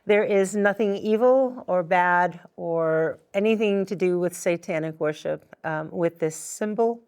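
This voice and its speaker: A woman's voice: lowish voice, a little slow, a little mellow, clean tone. A middle-aged woman hosting a community TV talk show, explaining things patiently and with firm emphasis in places. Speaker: host.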